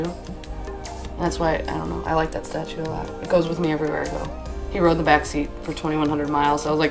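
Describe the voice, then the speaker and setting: Low, flat-voiced woman musing over music. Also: fairly quick, vocal fry. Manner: loose, reflective, lots of "like". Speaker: veteran telling her story. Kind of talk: casual personal storytelling. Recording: music playing under her voice.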